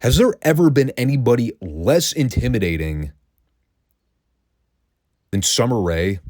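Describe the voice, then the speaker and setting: A man's voice: medium pitch, sing-song, unhurried, darkish tone, no echo, clean studio sound. A man hosting a review podcast, ranting in a sarcastic, profane way. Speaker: podcast host reviewing wrestling.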